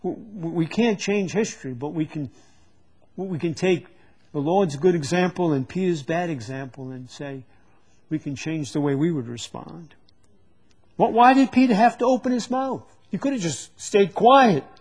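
A man with a husky, slightly raised voice preaches a sermon to a live congregation. He teaches from scripture in a halting way, stumbling and repeating words as he gathers his thoughts. His delivery stays plain and conversational. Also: fairly high pitch, animated, darkish tone. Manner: halting, often repeats words while searching for them.

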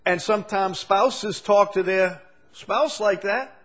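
A man's voice: sits high, slow, fairly bright tone. A male preacher giving a sermon, asking the same question again and again and building to emphatic peaks.

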